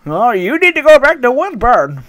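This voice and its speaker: A man putting on the voice of a cranky elderly woman who scolds in a shrill, ranting way. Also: wildly swooping pitch, normal speed, a bit bright, slight background noise, full character voice.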